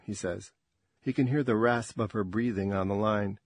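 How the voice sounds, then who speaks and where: Male narrator, slow measured reading, husky voice, dry close sound. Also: fairly low pitch, no echo. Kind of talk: audiobook-style story narration.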